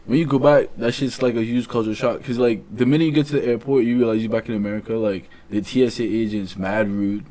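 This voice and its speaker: A man's voice: mid-range voice, steady tone, quick pace, few pauses, warm tone. Laid-back man in a casual chat. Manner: laid-back, leans on "like" and "you know what I mean". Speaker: podcast host.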